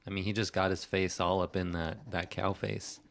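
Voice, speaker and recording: A man's voice: sits low, little pitch movement, normal speed, gravelly, fairly bright tone. A man co-hosting a casual movie podcast, teasing and dry, swearing freely. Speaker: podcast co-host.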